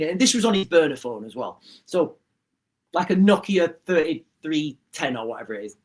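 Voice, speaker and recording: A man's voice: a little high, moderate pace. Middle-aged guy on a livestream, telling a long story to chat, voice bouncing all over the place. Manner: rambling, animated anecdote with many restarts. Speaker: livestream host. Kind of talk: casual storytelling to a live chat.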